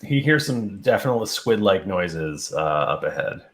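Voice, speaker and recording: A man's voice: sits low, very animated, a little slow, vocal fry. A man narrating a tabletop game as game master, hesitant with many ums.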